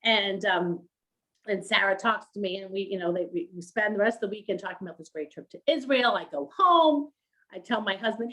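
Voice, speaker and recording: A middle-aged woman telling her story as an interview guest, animated and laughing often as she acts out quoted voices. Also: medium pitch, brisk, poor audio. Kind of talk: storytelling on a livestream.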